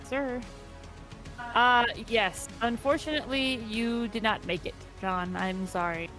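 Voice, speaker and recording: A woman's voice: on the high side, measured pace, fairly bright tone, soft background music. A woman co-hosting a gaming stream, reading out entries in a chatty, casual way. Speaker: stream co-host.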